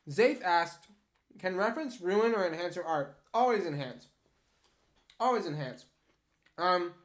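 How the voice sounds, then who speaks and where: Young artist streaming, answers chat, goofy tangents, mid-pitched voice. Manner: rambling, playful, jokey asides. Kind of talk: casual livestream chat, answering viewer questions.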